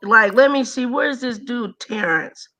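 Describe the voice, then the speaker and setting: A woman hosts a casual chat with a bright, sharp tone and a fairly high voice. She takes her time, drawing her words out playfully. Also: lively intonation, unhurried. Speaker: host.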